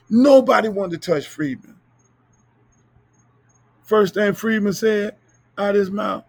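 A middle-aged man hosting a podcast, telling profane stories in a loose, animated way. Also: sits high, takes it slowly, vocal fry, long pauses, husky. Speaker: podcast host. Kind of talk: casual storytelling monologue.

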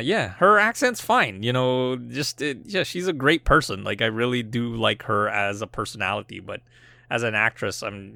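Bright-voiced guy rambling on a movie podcast, lots of likes and you knows, dry close sound. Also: mid-range voice, vocal fry, no room sound. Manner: rambling, many fillers and restarts, laughs often. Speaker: podcast co-host. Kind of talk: casual film podcast chat.

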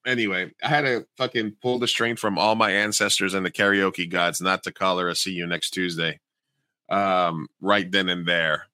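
A man's voice: low voice, steady tone, normal speed, sharp tone, smooth, no echo. A man casually telling a long story on a podcast, swearing freely and acting out the people he quotes. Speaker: podcast co-host.

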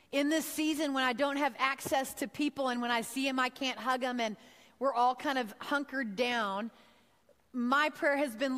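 A woman's voice: a little high, fairly bright tone, long reverb tail. A woman from Texas giving a heartfelt sermon-style talk, telling a personal story and acting out her own thoughts. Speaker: speaker giving a devotional talk.

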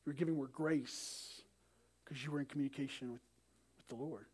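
A man in his thirties, preaching as a pastor, tells family stories and animatedly acts out the dialogue. His mid-range voice is brisk and slightly rough.

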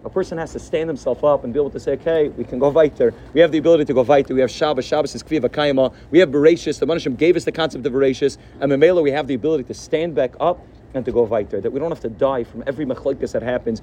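A man giving a sermon as a rabbi, telling a story in an animated way and sprinkling his speech with Yiddish and Hebrew words. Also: medium pitch, racing, a little hiss or hum.

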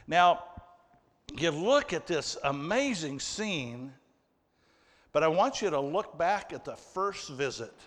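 A pastor delivers his sermon at an unhurried pace, turning to the congregation as he works through the verses. His voice sits a little high for a man and carries earnestly. The sound rings with the long reverb of a large hall. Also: fairly bright tone. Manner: earnest, addressing the congregation directly. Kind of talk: sermon reading and explaining scripture.

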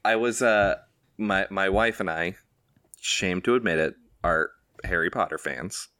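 A man co-hosts a podcast in casual chat, rambling and making jokes at his own expense. His low voice is bright and forceful, a little slow, with studio-quality sound and no echo.

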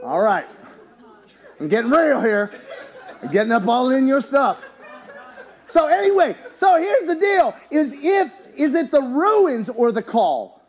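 High-voiced animated joking preacher man. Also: measured pace. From US, town near country. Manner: animated, joking preacher who shouts at peaks. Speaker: pastor. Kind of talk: sermon.

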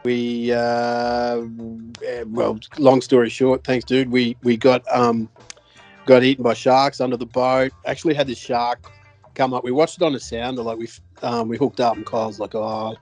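On a podcast, an Australian co-host tells a loose, animated fishing story in casual chat at a moderate pace. His mid-pitched voice rambles along with lots of fillers, restarts and offhand swearing, while soft music plays faintly beneath.

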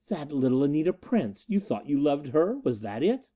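A man putting on the voice of a proud Martian woman, stern and scornful, with an intense, commanding edge. Her tone is mellow and low-lit, yet it moves up and down with lively pitch. This is an audiobook reading. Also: moderate pace.

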